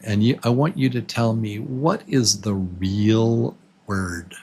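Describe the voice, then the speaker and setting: A man teaching English to absolute beginners, patiently repeating words slowly and counting syllables with the listener. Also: lowish voice, darkish tone, a little hiss or hum. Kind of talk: slow, clearly spoken beginner English lesson.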